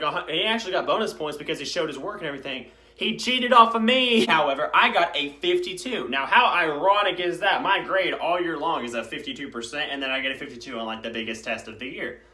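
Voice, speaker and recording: A young man, telling high school stories in a rambling, casual vlog. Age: young adult. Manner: rambling, filler-heavy, animated storytelling. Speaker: vlogger.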